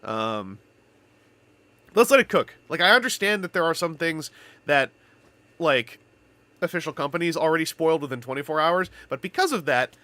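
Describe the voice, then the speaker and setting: A man's voice: a little high, big pitch swings, normal speed, pauses often, sharp tone, no echo. A man from Canada chatting casually on a live stream, telling rambling stories with playful wordplay.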